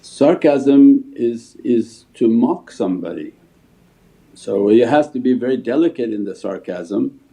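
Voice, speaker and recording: A man's voice: mid-range voice, lively intonation, measured pace, creaky, mellow. A Sufi shaykh giving a spiritual talk and answering questions, telling stories as he teaches. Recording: phone-like livestream audio.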